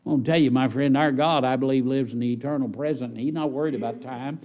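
A middle-aged man preaching a sermon, emphatic and repetitive, slowing down on key words and surging in volume. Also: mid-range voice, fairly even intonation, a little mellow. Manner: emphatic, repetitive preaching with dramatic slowdowns and surges.

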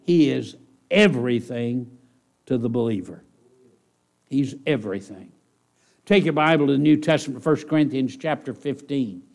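A middle-aged man preaching a sermon, emphatic and repetitive, slowing down on key words and surging in volume. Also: medium pitch, lively intonation, vocal fry, darkish tone. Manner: emphatic, repetitive preaching with dramatic slowdowns and surges.

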